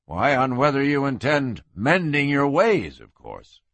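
A man voicing a calm western sheriff, low, dry and understated. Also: unhurried, no room sound, heavily acted. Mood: deadpan.

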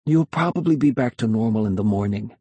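A man voicing a quiet, matter-of-fact young boy in an audiobook. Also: mid-range voice, lively intonation, brisk, slightly rough, dry recording. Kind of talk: audiobook character voice.

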